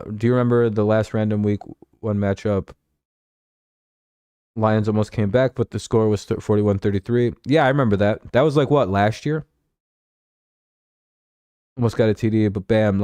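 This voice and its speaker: A man's voice: on the low side, a little mellow, dry recording, studio quality. A young man hosting a live stream, chatting casually about football in a rambling, profane way and reading out chat messages.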